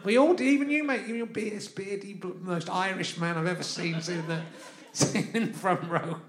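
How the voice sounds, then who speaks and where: At a live festival venue, a podcast host from London riffs to the crowd in a comic monologue, chatty and meandering, frequently laughing as he talks. He speaks fairly quickly in a high voice, and the recording carries a roomy live sound.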